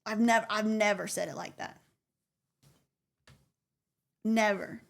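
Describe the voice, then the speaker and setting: A woman's voice: medium pitch, slow, creaky. A woman streamer with a light Southern US accent, chatting casually while reacting to a video, self-conscious and often restarting her words.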